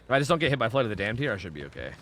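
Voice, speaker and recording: A man's voice: lowish voice, sing-song, racing, a bit bright, a little hiss or hum. A man streaming a game live, rambling and swearing casually as he answers viewers' questions. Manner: rambling, profane, chatty, answering chat questions.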